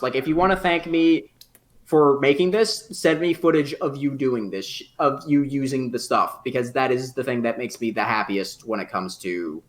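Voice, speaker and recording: A man chatting as a guest on a casual podcast. He sounds offhand and easygoing, swears here and there, and pokes fun at himself when he forgets things. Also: medium pitch. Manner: offhand, swearing, self-deprecating. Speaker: podcast guest, game modder.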